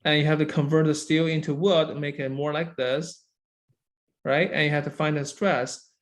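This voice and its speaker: A man's voice: on the high side, little pitch movement, moderate pace. A man lecturing a university engineering class, who keeps checking understanding with "right?" and "okay?" and praises students by name.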